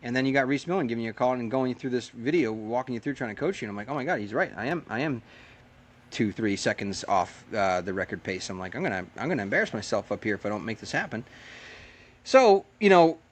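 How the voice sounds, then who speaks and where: A fast-talking American man telling racing stories in a relaxed interview. His voice sits at a middle pitch, and he rattles along with fillers and acts out what people said to him. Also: slight background noise. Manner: animated, chatty, lots of fillers and acted-out quotes. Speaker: race car driver guest. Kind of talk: casual interview storytelling.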